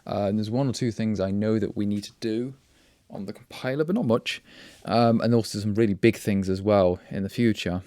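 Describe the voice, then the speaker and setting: Brisk and warm, this low-ish male voice comes through with no echo as he hosts a relaxed live coding chat. He rambles with wry humor, frequently cutting himself off mid-word and starting again.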